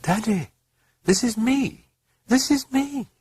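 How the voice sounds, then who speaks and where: A man voicing a little girl who talks haltingly to her father. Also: very high voice, animated, darkish tone, breathy edge, no room sound, clean studio sound, pitched above the performer's own voice, heavily acted. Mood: pleading. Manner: halting, stumbling.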